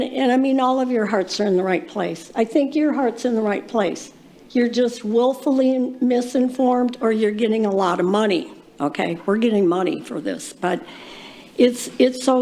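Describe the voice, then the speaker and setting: Woman, fairly high voice, impassioned and accusatory, rambling at a council podium. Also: measured pace, mellow. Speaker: public commenter. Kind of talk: public comment at a council meeting.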